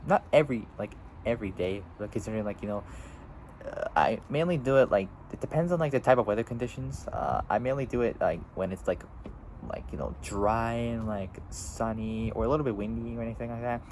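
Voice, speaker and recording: A man's voice: lowish voice, fairly quick, a little mellow, a little hiss or hum, rough recording. A seventeen-year-old boy vlogging outdoors, rambling casually with lots of fillers and restarts. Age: teens. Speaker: YouTuber. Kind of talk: casual vlog.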